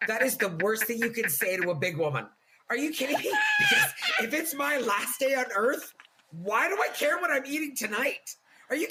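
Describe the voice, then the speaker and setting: A woman from Canada, a stand-up comedian, telling jokes in a casual podcast chat, laughing and swinging her pitch widely. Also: a little hiss or hum. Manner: animated, laughing storyteller with big swings of pitch.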